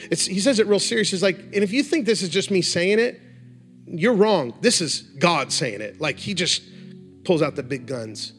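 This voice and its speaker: A male preacher delivering a passionate sermon, moving between hushed reflection and rising exhortation. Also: a little high.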